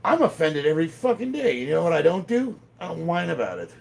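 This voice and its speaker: A man's voice: on the high side, big pitch swings, fast, gravelly, a little mellow. A man in his fifties chatting bluntly and profanely between lifts in his home gym, laughing often. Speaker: strength training vlogger. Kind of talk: casual rambling chat while lifting.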